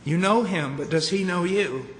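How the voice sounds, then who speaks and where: A man preaching at a conference, emphatic, ranging from low, quiet statements to shouted points. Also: moderate pace. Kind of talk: conference sermon. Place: large conference hall. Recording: echoey hall with faint noise.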